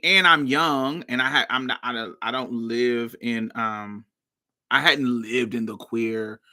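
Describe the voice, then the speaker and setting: A woman from Indiana hosting her show, telling a personal story in a storytime monologue, acting out the people in it and laughing often. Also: rumbling low. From Indiana, USA. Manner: animated, acts out every voice in the story. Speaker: podcast host.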